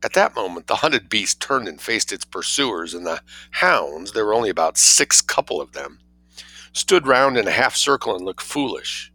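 A man reading a story aloud as audiobook narration, in an expressive, wry storytelling manner. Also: on the low side, normal speed, no echo, poor audio. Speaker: reader.

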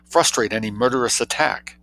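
A man reading an audiobook, voicing a chatty, excitable young society woman who asks eager questions in a raised voice. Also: medium pitch, fairly quick, voice pushed up, lightly acted.

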